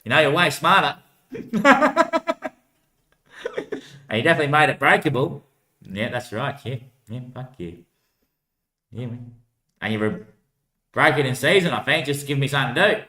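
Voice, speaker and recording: A man's voice: mid-range voice, expressive, a little fast, pauses often, pushed and bright, echoey room. A man rambling to himself, answering his own remarks and swearing freely.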